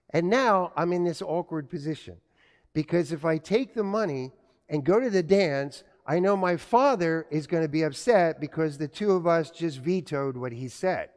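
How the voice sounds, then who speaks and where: Preaching in church, a middle-aged man performs family dialogue while recounting his childhood in a sermon. His voice sits on the high side with a darkish tone, lively intonation, and normal speed, and the hall is reverberant.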